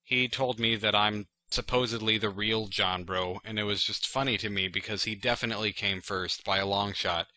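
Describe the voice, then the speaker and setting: A man hosts his channel and answers viewer questions in a rambling, casual chat packed with "like," "you know," and self-deprecating jokes. His voice is on the low side and sharp in tone, steady and moderately paced with few pauses, and there's no echo.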